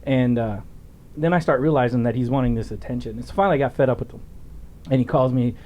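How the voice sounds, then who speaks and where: A middle-aged man hosting a podcast interview, telling stories in a blunt, profane, animated way. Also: medium pitch, fast, muffled recording. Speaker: podcast host, former police officer. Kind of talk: casual storytelling interview.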